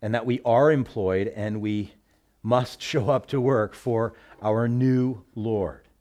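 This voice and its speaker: A man preaching a sermon in a relaxed, conversational way, talking the text through with everyday examples. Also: medium pitch, slow. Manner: relaxed, folksy, speaks with everyday work analogies. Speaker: pastor.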